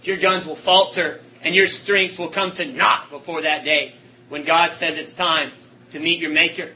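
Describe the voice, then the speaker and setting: A man preaching a sermon with passion, swinging between shouting and hushed, quiet tones. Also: on the high side, fairly even intonation, normal speed, a little hiss or hum, rough recording.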